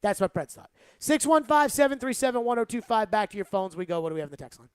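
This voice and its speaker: A woman's voice: a little high, sing-song, quick pace, clean tone, no echo. Emphatic woman sports radio host, dry. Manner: emphatic, rambling, says "like" a lot. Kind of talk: opinionated sports talk radio.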